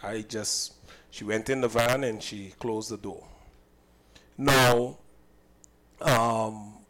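A man's voice: lowish voice, steady tone, slow, fairly bright tone, rough recording. Emphatic man recounting a clash. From Saint Kitts. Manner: emphatic, indignant, repeats himself. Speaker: cook and business owner. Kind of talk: recounting a personal incident.

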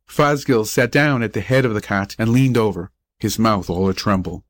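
A man reading a short story aloud as an audiobook narrator, measured and even. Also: fairly low pitch, dry recording. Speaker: audiobook reader.

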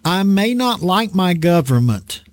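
A man preaching an online Bible study sermon, slow and deliberate, drawing out words for emphasis. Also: high-pitched, sing-song, dry recording, studio quality.

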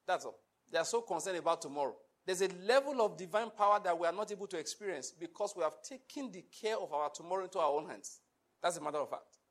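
A man preaching a sermon, emphatic and full of rhetorical questions to the congregation. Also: sits high. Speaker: pastor.

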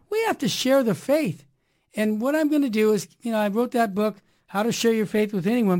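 An energetic woman hosts a Catholic radio talk show, speaking in a preachy, upbeat way. She relies on rhyming catchphrases. Her voice sits in an ordinary middle pitch.

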